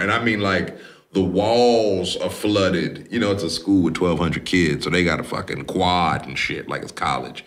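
A man's voice: deep voice, unhurried, a bit bright. A man hosting a podcast, recapping a film in a casual, profane, slangy way. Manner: profane, slangy, laid-back. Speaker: podcast host.

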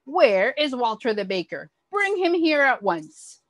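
A woman's voice: mid-range voice, lively intonation, slow pace, dry recording. A woman voicing an angry, commanding male duke as she reads a picture book aloud to children, roaring his orders. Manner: roaring, stern and loud.

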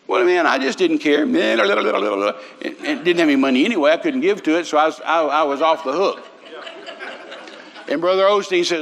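A man's voice: on the high side, expressive, a little fast, creaky, fairly bright tone. An older man, preaching a sermon through folksy, humorous stories with many restarts. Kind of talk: storytelling sermon.

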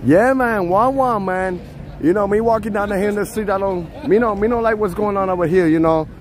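A boastful, playfully threatening Jamaican street tough, as a man puts him on while walking a city street. The voice sits a bit high, and faint traffic noise runs behind it. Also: moderate pace, natural voice. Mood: mock tough.

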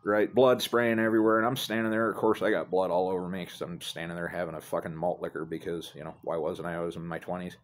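A man's voice: deep voice, little pitch movement, fast talker, few pauses, slight background noise. A middle-aged man telling a rambling, profane, self-deprecating story into his phone outdoors. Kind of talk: casual storytelling to a phone camera. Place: outdoors near apartments. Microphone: phone held by speaker.

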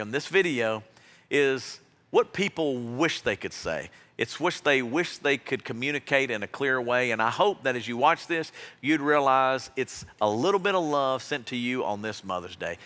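A man with a mid-range, slightly bright voice preaches as pastor in a church sanctuary, where the large hall gives a long reverb. His sermon is an earnest, heartfelt exhortation to his congregation.

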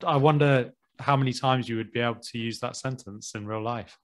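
A man's voice: mid-range voice, brisk. A British man hosting a podcast, chatting in an easygoing way and often ending with tag questions. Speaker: podcast host. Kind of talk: casual chat.

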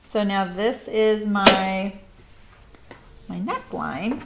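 A woman's voice: medium pitch, very slow, gravelly, very noisy. A middle-aged woman chatting casually with viewers of her live stream while she sews, rambling and laughing often.

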